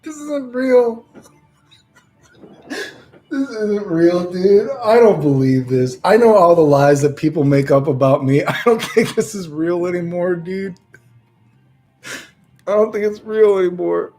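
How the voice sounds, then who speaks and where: A man streaming live, trying to read aloud and repeatedly breaking into helpless laughter, speaking slowly and haltingly between fits. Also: high voice, a little mellow, faint music behind.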